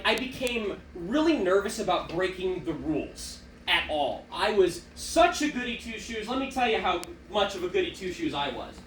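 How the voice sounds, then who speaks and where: Lively young man doing stand-up. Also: high voice, echoey room, recorded from a distance, a little hiss or hum, low-quality recording. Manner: animated, self-deprecating storytelling. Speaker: stand-up comedian. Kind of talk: stand-up comedy set. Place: small theater stage.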